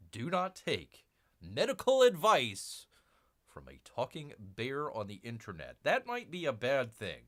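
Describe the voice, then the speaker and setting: Taking it slowly, a man with a mid-range, somewhat bright voice and huge pitch swings hosts a casual comics live stream. He meanders through fillers and restarts, refers to himself as Bear in the third person, and keeps calling his audience "people."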